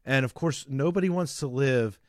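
A man's voice: mid-range voice, moderate pace, no room sound, clean studio sound. A man in his thirties co-hosting a podcast, telling long rambling stories with frequent laughs. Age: 30s. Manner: rambling storyteller, laughs often. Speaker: podcast co-host. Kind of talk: casual chat.

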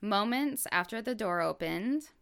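Slow, smooth-voiced woman recounting a story. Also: medium pitch. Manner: relaxed, with frequent fillers and asides. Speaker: podcast host telling a true crime story. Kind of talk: casual conversational storytelling.

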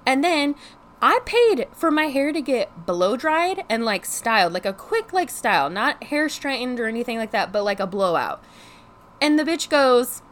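Animated young woman ranting, faint hiss. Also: fairly high pitch, normal speed. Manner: animated, exasperated, swears freely; heavy use of "like" as filler. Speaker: vlogger. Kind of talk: casual storytime rant.

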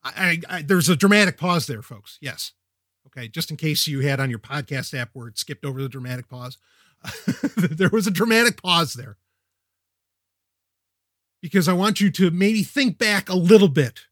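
A man hosting a tech podcast, talking casually in an energetic, wisecracking way that often breaks off and restarts. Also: fairly high pitch, normal speed, pauses often, no echo, clean studio sound. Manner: energetic, wisecracking, self-interrupting. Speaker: podcast host.

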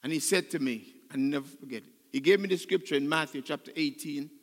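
A man's voice: fairly high pitch, quick pace. Older man, pastor, sermon, emotional and choked up, fervent, echoing church hall. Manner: emotional, building to loud fervent preaching. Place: church sanctuary.

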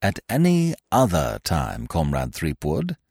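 Guy doing a smooth wordy gent, low voice, fake-sincere, dry close sound. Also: big pitch swings, moderate pace, darkish tone, dry recording. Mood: mock-solemn. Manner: ornate, grave and mock-sincere. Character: suave, verbose young gentleman, mock-solemn.

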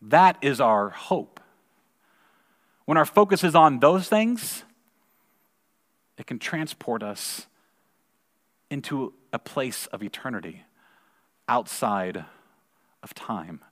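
A man in his forties giving a sermon, telling a personal story in a conversational way and repeating words when excited. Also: mid-range voice, slow pace, long pauses. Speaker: pastor. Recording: long reverb of a large hall.

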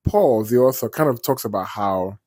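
A man chatting as a vlogger, wandering off on tangents and swearing freely. His voice is slightly husky, at a middle pitch for a man. The recording sounds dry and close. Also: expressive, moderate pace, a little mellow, no room sound. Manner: chatty, digressive, swears casually. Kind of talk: casual storytelling commentary.

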